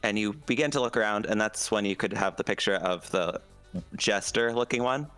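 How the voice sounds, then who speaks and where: A man narrates a tabletop adventure as game master, playful and theatrical as he spins the scene. His voice is smooth and clean, and the delivery leans into jokes and drama. Faint music plays behind him. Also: fairly low pitch, moderate pace, fairly bright tone. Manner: playful, dramatic storytelling with puns.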